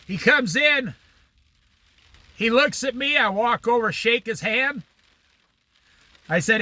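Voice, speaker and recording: This middle-aged vlogger speaks in a very high-pitched voice, a little slowly and with frequent pauses, and there's no echo. Telling a laid-back story, he performs the characters' lines loudly and chuckles at his own anecdotes in a lively way.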